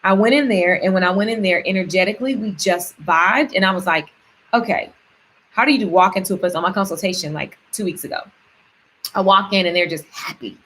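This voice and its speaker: A woman's voice: medium pitch, a little fast, a bit bright, a little hiss or hum. Upbeat woman, casual motivational vlogger, chatty, repeats words to stress them. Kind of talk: casual motivational vlog with affirmations.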